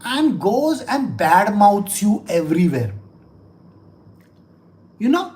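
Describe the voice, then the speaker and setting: Taking it slowly, with long pauses and big pitch swings, a woman with a mid-range, slightly mellow voice teaches scripture to her listeners. She poses rhetorical questions, repeats phrases for emphasis, and plays out small quoted exchanges.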